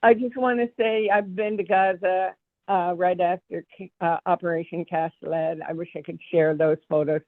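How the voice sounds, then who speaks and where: A woman's voice: on the low side, fairly even intonation, moderate pace, no room sound. A woman in the audience asking an earnest, insistent question. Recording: tinny dry phone line.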